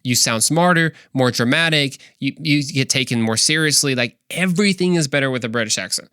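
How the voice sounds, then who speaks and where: A man's voice: mid-range voice, fairly quick, bright, forceful tone, smooth, no room sound. Young male host, rambling, eager, dry close sound. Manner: enthusiastic, rambling with fillers. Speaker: podcast host. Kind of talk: casual faith talk.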